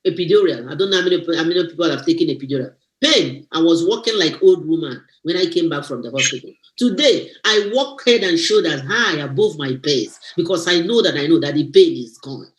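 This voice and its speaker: A woman giving an animated, preachy motivational testimony on a live stream, exclaiming and teasing as she talks. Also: on the low side, roomy sound. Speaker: guest speaker.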